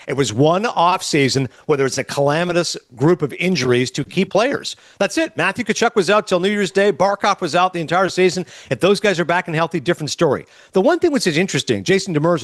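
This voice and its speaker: A man's voice: on the high side, quick pace, few pauses, dry recording. A man co-hosting a sports radio show in casual chat, telling stories and acting out conversations. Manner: animated storyteller acting out conversations.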